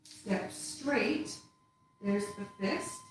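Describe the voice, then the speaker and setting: A woman teaching tai chi, calmly talking through each step and movement. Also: medium pitch, very slow, a little hiss or hum. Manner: calm, instructive, counting out steps. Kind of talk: guided movement lesson. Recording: echoey room from far off.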